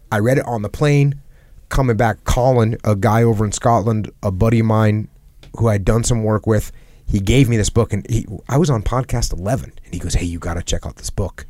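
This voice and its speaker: An earnest man hosting a podcast, speaking in a lowish voice. He leans on repeated phrases to drive his points home. The sound is dry and close, with no room around it. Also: a little mellow, no room sound. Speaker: podcast host. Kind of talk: reflective podcast conversation. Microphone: headset.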